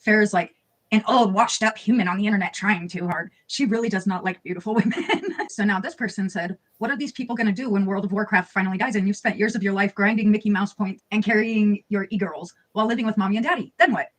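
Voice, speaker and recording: A woman narrating commentary from a played clip, reading out social media posts. She is blunt and sarcastic, with plenty of swearing, at a mid-range pitch. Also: quick pace, hardly any pauses. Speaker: video narrator.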